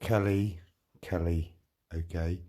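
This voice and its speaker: A man's voice: deep voice, steady tone, takes it slowly, warm tone. A middle-aged man on a livestream, ranting angrily and threatening someone while answering chat, with a lot of swearing.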